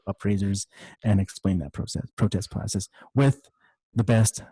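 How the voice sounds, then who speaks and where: A man's voice: fairly low pitch, fairly even intonation, moderate pace, dark tone, breathy edge, dry recording, rough recording. A man co-hosting a casual podcast, telling stories about past projects and laughing easily. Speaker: podcast co-host. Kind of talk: casual chat.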